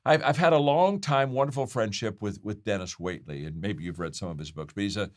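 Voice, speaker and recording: A man's voice: fairly low pitch, brisk. An older man giving a motivational leadership talk, emphatic, repeating key phrases and often restarting his sentences. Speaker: leadership speaker. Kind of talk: motivational talk to a live audience.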